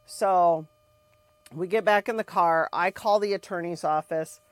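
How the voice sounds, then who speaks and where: A woman from Iowa with a fairly low voice recounts a family ordeal in a candid, vivid way, acting out what each person said and swearing now and then. Her voice is close and dry, with no room sound around it. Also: unhurried, dry recording. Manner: vivid, candid retelling with reenacted dialogue and blunt swearing. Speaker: podcast co-host telling her family's story. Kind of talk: emotional personal storytelling.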